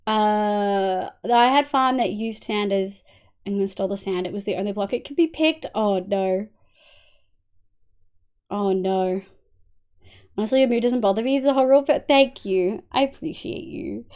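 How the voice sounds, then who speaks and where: An Australian woman chats loosely with viewers while streaming a game, cursing and thanking people by name. She shifts between quiet mumbles and loud outbursts. Her voice is mid-range and her speed normal.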